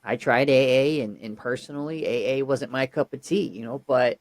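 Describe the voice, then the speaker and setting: A male podcast host asking questions in a casual chat, with a voice of ordinary middle pitch. He stops and starts often and fills the gaps with fillers before he gets to the point. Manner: halting, many fillers and restarts before questions. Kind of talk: casual interview.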